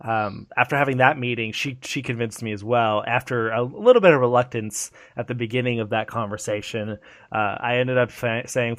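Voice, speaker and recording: A man co-hosting a casual gaming podcast, animated and profane, acting out game scenes in quick put-on voices. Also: medium pitch, no echo, studio quality. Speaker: podcast co-host.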